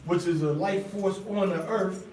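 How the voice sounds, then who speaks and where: A man teaching scripture in a Bible study, slow and deliberate, asking his listeners repeated questions and sounding out Hebrew words one by one. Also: high-pitched, steady tone, darkish tone, slight background noise. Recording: roomy sound from a distant mic with faint ambience.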